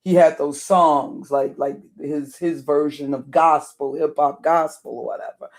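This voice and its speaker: A middle-aged woman with a deep alto voice, hoarse and worn, rambling through casual live-stream commentary and greeting viewers by name. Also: steady tone, unhurried, few pauses, a little mellow. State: hoarse, voice wearing out.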